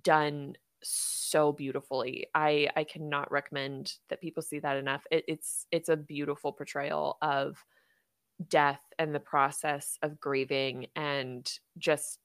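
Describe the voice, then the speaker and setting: A woman's voice: deep voice, level tone, a little slow, clear, resonant tone, dry recording, studio quality. A woman hosting a podcast in casual chat, rambling with fillers and laughing often. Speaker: podcast host.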